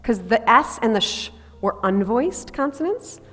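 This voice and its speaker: A woman's voice: on the high side, sing-song, a little slow, a bit bright, in a large hall. A woman voice coach teaching a workshop group about breathing, demonstrating sounds and asking the group to try them. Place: large hall with a live group.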